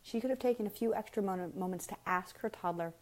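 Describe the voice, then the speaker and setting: A woman's voice: medium pitch, quick pace, darkish tone. A woman giving a frank, emphatic parenting talk in a casual live stream, full of rhetorical questions and speaking straight to her viewers. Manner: frank and blunt, addresses viewers directly.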